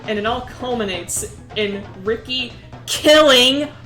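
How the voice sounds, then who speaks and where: A woman streamer retelling a story in a casual way, crude, giggly and animated. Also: fairly high pitch, takes it slowly, echoey room, over music.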